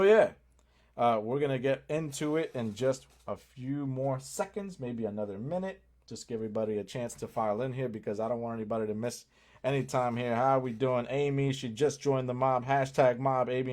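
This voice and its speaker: A man hosting a live stream, greeting viewers by name and pitching to them in a hyped, direct way, with sudden drops into low asides. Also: fairly quick. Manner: energetic, talks straight to viewers, greets chat by name; swings between loud hype and low asides. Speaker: livestream host.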